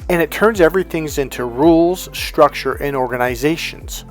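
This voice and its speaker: A man's voice: on the high side, normal speed, soft background music. A man who works as a dating and relationship coach, giving an emphatic, repetitive motivational monologue. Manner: emphatic, repetitive, preachy lecturing.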